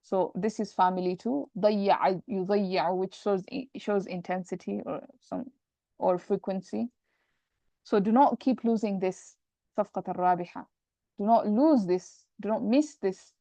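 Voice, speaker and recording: A woman's voice: medium pitch, normal speed, dark tone, no room sound. A woman teaching an Arabic grammar class, explaining step by step and mixing English with Arabic terms.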